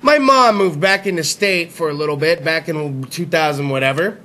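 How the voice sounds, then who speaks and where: A man hosting a comedy talk show, telling profane stories in an animated way and acting out the characters himself. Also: a little high, normal speed. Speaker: host.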